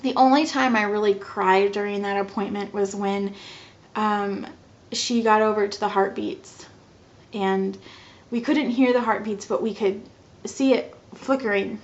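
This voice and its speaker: A young woman in her twenties telling a personal story to the camera in a casual vlog, animated and giggly, acting out the dialogue. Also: mid-range voice, a little slow. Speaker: vlogger. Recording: slightly dull lo-fi audio.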